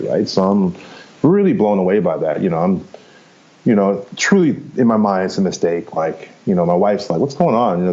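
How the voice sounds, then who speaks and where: Rambling casually through his story, a Canadian man in his fifties on a podcast keeps checking in with "right?" and "you know." His voice sits low and mellow, with the top end cut off.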